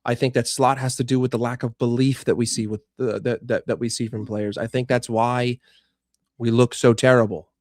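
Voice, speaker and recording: A man's voice: medium pitch, little pitch movement, moderate pace, darkish tone, no room sound, studio quality. A young man streaming live, frustrated and swearing as he rants and answers chat about his football team. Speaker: fan channel streamer.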